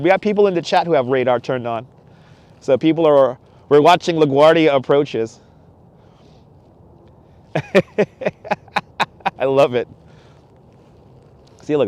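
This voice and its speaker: A man's voice: on the high side, no room sound. A middle-aged man hosting a casual live stream outdoors on a cold beach at night, chatting with viewers and laughing often. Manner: chatty, laughs often, reads chat aloud. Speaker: livestream host. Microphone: wireless clip-on mic.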